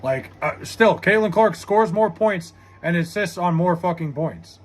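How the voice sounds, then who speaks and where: A young man live-streams and argues hotly with his chat, swearing freely as he makes his case. His voice sits high for a man and has a husky edge. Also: expressive, a little slow. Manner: heated, argumentative, swears a lot.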